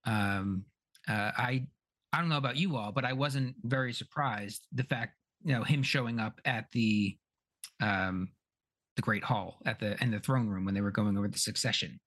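Relaxed, teasing podcast co-host. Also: male voice, fairly low pitch, moderate pace, dry recording. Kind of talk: casual chat about a TV episode.

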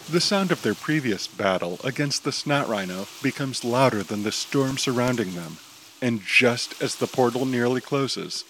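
A man narrating an audio drama at a mid pitch, steady and descriptive. Faint noise sits beneath his voice. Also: poor audio.

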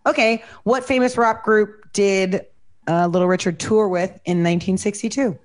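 A woman's voice: medium pitch, fairly even intonation, moderate pace. A woman with a Midwestern accent hosts a casual trivia chat, playful and loose, swearing freely. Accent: Midwestern American. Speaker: host asking trivia.

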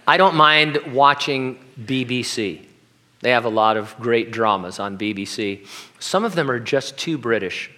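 A pastor preaching a sermon in a conversational way, with jokey asides. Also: male voice, mid-range voice, measured pace, pushed and bright.

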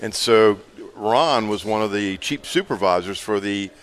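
A man's voice: lowish voice, measured pace, a bit bright. A man, co-hosting a radio show and telling a funny story in casual chat, laughing often. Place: live remote broadcast at a store.

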